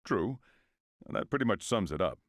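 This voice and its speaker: A woman's voice: rumbling low, sing-song, normal speed, dry recording, studio quality, voice pushed down. A woman voicing a huge, stoic male cyborg soldier in a game read-along, speaking formally and patiently. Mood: dry.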